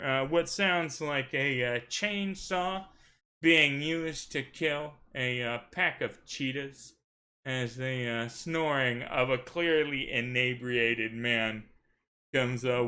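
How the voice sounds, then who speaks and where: A man's voice: mid-range voice, pushed and bright. A man narrating a tabletop game as game master, wordy and theatrical, with frequent "right?" asides.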